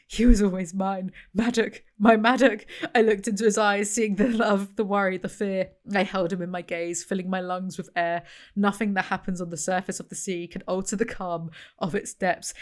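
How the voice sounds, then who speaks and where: Young woman, reads novel excerpts, sarcastic asides, medium pitch. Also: fairly even intonation, normal speed. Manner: sarcastic, wry. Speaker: book reviewer. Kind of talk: reading book passages aloud with mocking commentary.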